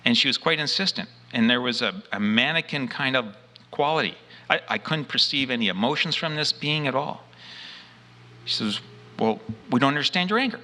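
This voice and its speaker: Speaking at a moderate pace in a mid-range, sharp-toned voice, a man recounts his frightening abduction experience in the first person. He tells it earnestly and emphatically, performing what he said back then.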